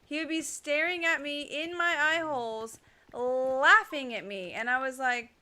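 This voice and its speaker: A woman's voice: sits high, a little slow, bright, forceful tone. A young woman co-hosting a livestream, chatting in a bubbly, rambling way. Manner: bubbly and chatty, with frequent restarts. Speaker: streamer, co-host. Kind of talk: casual livestream chat.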